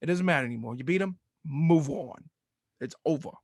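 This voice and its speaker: Ranting Southern man, higher voice. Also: fairly quick, slightly rough, no room sound, studio quality. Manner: animated ranting, laughs often. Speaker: podcast co-host. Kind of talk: casual sports podcast chat.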